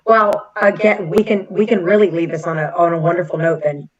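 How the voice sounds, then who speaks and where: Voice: medium pitch, little pitch movement, brisk, dull audio, crowd noise. A talk show co-host chatting casually and backing the host up with frequent affirmations.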